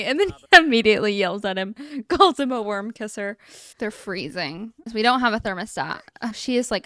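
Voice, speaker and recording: A woman's voice: on the high side, fairly bright tone, dry recording. A young woman hosting a casual gameplay commentary, chatty and amused, talking to the game characters as she plays. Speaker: let's-play host.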